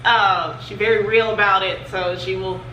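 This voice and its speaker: A woman's voice: medium pitch, steady tone, moderate pace, pushed and bright. A young adult woman hosting her own channel in a chatty, loose way, with lots of filler words. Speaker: channel host. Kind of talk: casual vlog chat. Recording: roomy, distant mic, faint noise.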